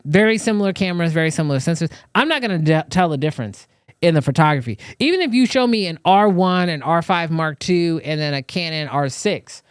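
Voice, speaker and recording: Male live-show host, high voice, dry close sound, chatty, talks to the audience. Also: clean tone, no echo. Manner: loose, chatty, talks straight to viewers. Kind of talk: casual live-stream chat.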